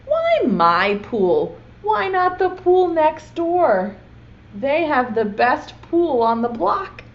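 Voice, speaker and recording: A woman voicing a stubborn young boy in a storybook read-aloud, drawn out slowly. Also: high voice, very animated, lo-fi sound, pitched above the performer's own voice, full character voice. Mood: complaining. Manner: slow, drawn-out storybook reading.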